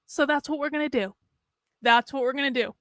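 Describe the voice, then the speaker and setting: A woman's voice: sits high, brisk, no echo, clean studio sound. A woman hosting a casual livestream, talking candidly and steadily through sadness, often repeating herself. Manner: candid, sad but steady, talks in restarts and repeats. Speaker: host.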